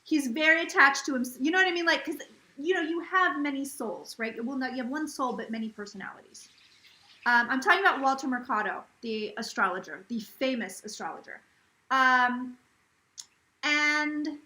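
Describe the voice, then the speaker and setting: A woman chats on a home livestream, gushing and quick to quote what she hears. Her voice sits high and sounds bright and sharp. The room around her is echoey. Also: animated. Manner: chatty and gushing, relays a spirit's words in quotes. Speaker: psychic livestream host. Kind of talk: casual live-stream chat. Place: home, near a kitchen.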